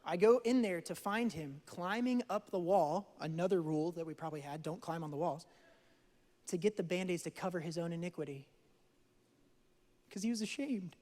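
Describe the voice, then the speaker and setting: A young man preaching a sermon, telling a story in an animated way that swings from hushed to loud. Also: high-pitched, normal speed. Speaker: pastor. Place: church hall. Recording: church hall with long reverb.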